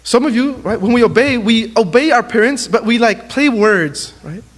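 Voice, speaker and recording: High-voiced man preaching in a reverberant hall. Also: moderate pace. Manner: animated storytelling, acts out quotes. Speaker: youth speaker. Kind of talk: sermon to young people.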